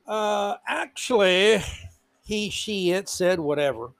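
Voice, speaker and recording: High-voiced ranting male podcast host. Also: sing-song, slow, vocal fry, a bit bright, dry recording. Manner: indignant ranting with emphatic repetition. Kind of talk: political commentary monologue.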